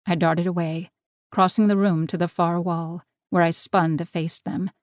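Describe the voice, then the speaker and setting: A woman reading a first-person romance audiobook in an even, measured way. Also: fairly low pitch, no room sound, clean studio sound. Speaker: audiobook narrator.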